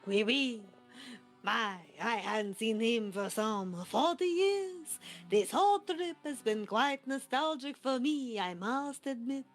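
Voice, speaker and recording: A man doing a slow, nostalgic old professor. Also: extremely high pitch, soft background music. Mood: reflective. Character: older male professor, nostalgic and scholarly. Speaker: streamer voicing game dialogue. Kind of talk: reading game dialogue aloud.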